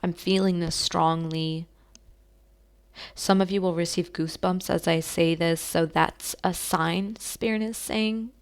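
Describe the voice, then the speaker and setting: Woman psychic reader, lowish gravelly voice, soft and emotional, halting delivery. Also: level tone. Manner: soft, emotional, addresses listeners as beautiful souls; halting, many fillers and restarts. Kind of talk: channeled tarot reading.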